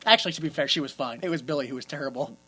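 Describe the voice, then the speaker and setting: Male podcast co-host, bright and sharp-toned, crude and laughing through a casual movie rant. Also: mid-range voice, rapid-fire, husky. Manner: crude, joking, laughs often while retelling scenes.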